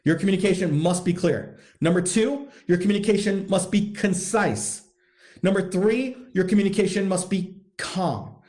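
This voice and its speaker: A podcast host who coaches men delivers a blunt, profane, emphatic monologue aimed at husbands, driving his points home through repetition. His voice is high and a little mellow, at a moderate pace.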